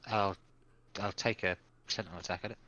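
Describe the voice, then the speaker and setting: A man playing a tabletop game, asking quick, slightly flustered questions about the rules. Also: low-pitched, fairly even intonation, bright, forceful tone, highs cut off. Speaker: player. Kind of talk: casual tabletop game chat.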